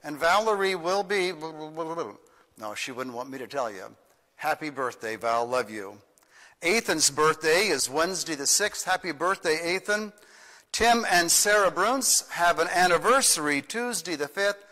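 An older man leads his congregation as their pastor, folksy and playful, with a bright, forceful voice pitched a little high. His words ring in a long church reverb, with soft guitar behind him. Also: animated, measured pace. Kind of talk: children's song and church announcements.

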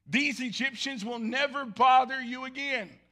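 A middle-aged man preaching a lively sermon, jumping between shouted lines and low, quiet asides. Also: a little slow. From Southern United States. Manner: animated storytelling, swinging from loud shouts to low murmurs. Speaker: pastor. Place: church sanctuary.

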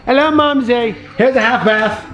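A man and father hosting a casual family home-tour vlog, excitable and full of exclamations as he talks to his kids and viewers. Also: very high-pitched, moderate pace. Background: background music.

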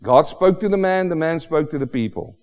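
A man preaching a sermon with emphatic, exclamatory delivery, building to loud rhetorical questions. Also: on the high side, lively intonation, fairly quick, big-room sound. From Australia. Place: church hall.

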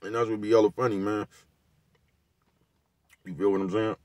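Here a man with a lowish, darkish voice rants casually to camera as a commentary vlogger, moving at a moderate pace with little pitch movement. He's laid-back and repeats himself, dropping slang and profanity the whole way. The close, dry recording has no echo or room sound.

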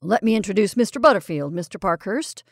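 A booming, hearty gentleman of the house, stern when surprised and jovial as a host, as a woman reading a story puts him on. He exclaims his lines with force. The sound is dry and close, with no room around it. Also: animated, a little fast, no echo.

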